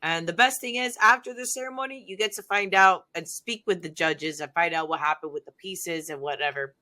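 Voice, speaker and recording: A woman chatting on a podcast, telling her story with lots of excitement. Her voice is bright and forward, and her talk is loose, full of "like" fillers and acted-out lines. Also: fairly low pitch, a little fast. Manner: excitable, animated, heavy use of "like". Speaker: guest.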